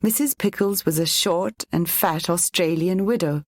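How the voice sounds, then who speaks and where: Low-voiced woman reading a storybook. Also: normal speed, darkish tone, no room sound, clean studio sound. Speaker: narrator. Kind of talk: storybook audiobook narration.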